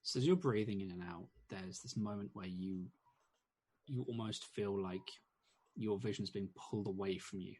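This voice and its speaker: A man's voice: on the low side, normal speed, darkish tone, husky. A man narrating as game master in a tabletop game, rambling with many restarts and fillers.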